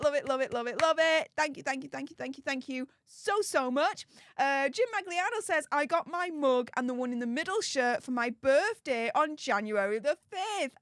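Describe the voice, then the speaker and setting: A woman's voice: high voice, a bit bright, dry recording, studio quality. A woman hosting a live stream, reading out super chats and thanking viewers over and over in a bubbly way. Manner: bubbly, repeats thanks many times.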